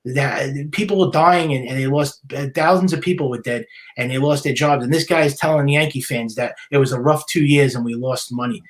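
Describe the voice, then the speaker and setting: A man's voice: medium pitch, a little fast, hardly any pauses. A man hosting a solo sports podcast, ranting in a heated, indignant way, repeating himself and stumbling over restarts. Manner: heated, repetitive, stammering restarts; indignant, scolding. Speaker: podcast host.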